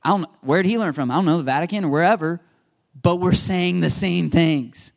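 A man in his thirties delivers a sermon in a relaxed, conversational way. His voice sits a little high for a man. He repeats key points and breaks into short laughs. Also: brisk, creaky. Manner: conversational, repetitive, laughing asides. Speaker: pastor.

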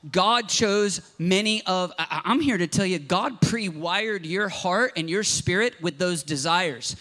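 Man, pastor, sermon, impassioned storyteller, from southern ohio, high voice. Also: a little slow, pushed and bright.

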